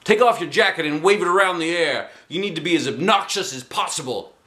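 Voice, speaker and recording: A man voicing a showy male self-defense teacher who thinks he is an action hero, talking loud and booming. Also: animated, fairly quick. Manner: loud, booming, shouts battle cries.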